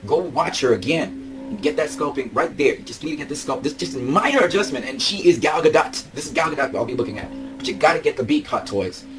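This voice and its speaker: A man's voice: on the high side, lively intonation, brisk, music in the background, poor audio. A young man gushing over collectible figures in a vlog, laughing and repeating himself as he talks. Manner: gushing, breaks into laughs and shouts. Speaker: vlogger. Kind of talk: excited toy-collector commentary.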